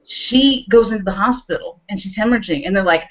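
A woman co-hosting a casual podcast chat, retelling scenes in an animated way with lots of fillers and restarts. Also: mid-range voice, fairly quick. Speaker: podcast co-host. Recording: dull lo-fi podcast audio.

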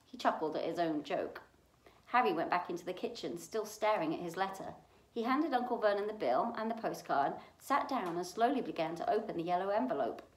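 A woman reading a novel aloud for a library storytime, in an expressive way. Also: on the low side, fairly quick. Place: library room. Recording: echoey room.

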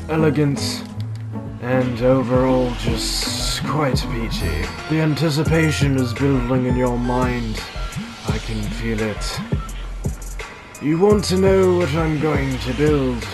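A man's voice: mid-range voice, lightly acted. A man voicing a prim, fussy male butler with a put-on posh British accent, stiff and overly polite.

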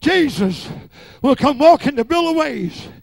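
An older pastor preaching a revival sermon. He swings between low murmured stretches and shouted, rising exhortation. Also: sing-song, a little slow, vocal fry, no echo.

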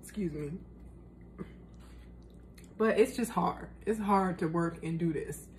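A young woman talks casually to her viewers while she tastes her own cooking, loose and slangy in her phrasing. Her voice sits a little low. Faint background noise runs under the recording. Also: moderate pace. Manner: chatty, slangy, talks while tasting food. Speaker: vlogger. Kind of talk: casual cooking vlog chat.

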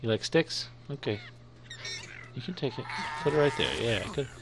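Playful young man with lively commentary. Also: medium pitch, normal speed, noisy background. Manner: playful, chatty, talks to game creatures. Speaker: gaming YouTuber. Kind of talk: let's play commentary.

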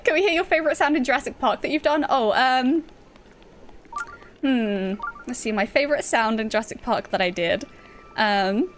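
A woman's voice: fairly high pitch, normal speed, slight background noise. A woman streaming video games, chatting playfully, giggling often and letting out sudden shrieks. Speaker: game streamer. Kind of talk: live-streamed gameplay chat. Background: game music.

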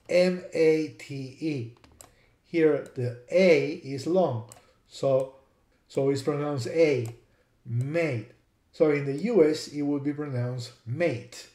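A man's voice: mid-range voice, warm tone, roomy sound. A man teaching a lesson, spelling out words and repeating sounds to demonstrate. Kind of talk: explanatory lesson.

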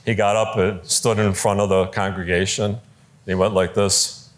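Lively man giving a conference talk. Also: deep voice, moderate pace. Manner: conversational, lively, with quoted voices and fillers. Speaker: speaker teaching preachers.

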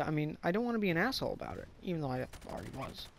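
A man's voice: fairly high pitch, big pitch swings, very fast, creaky. A young man telling a casual story, rambling and profane with lots of fillers.

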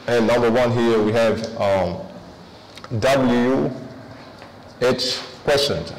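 A man teaches an English review lesson, stepping through it with many fillers and asides. His voice is mid-pitched. It carries a long echo, with faint ambience behind it. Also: slow pace, a little hiss or hum. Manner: switches between English and French, many fillers.

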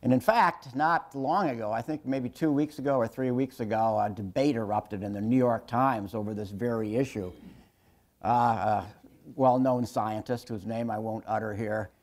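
A man in his sixties giving a public lecture told through stories, wry and self-deprecating, often halting and restarting his sentences. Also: mid-range voice, darkish tone. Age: 60s. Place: lecture hall with an audience.

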